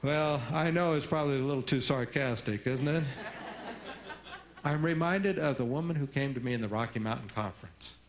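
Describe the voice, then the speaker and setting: A man's voice: medium pitch, normal speed, echoey room, background noise. A man giving a humorous parenting seminar who acts out dialogues and prompts the audience to answer. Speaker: parenting workshop speaker. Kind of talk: seminar talk with audience call-and-response.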